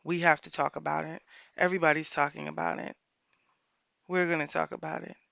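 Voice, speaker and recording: A woman life coach hosting a solo podcast, speaking earnestly and repeating her points for emphasis, pausing often to think aloud. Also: low-pitched, level tone, creaky, fairly bright tone, dry recording, lo-fi sound.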